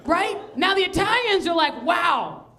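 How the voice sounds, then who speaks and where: A woman comedian telling a stand-up story, with laughing asides and shouted punchlines. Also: high-pitched, lively intonation, normal speed, a faint crowd.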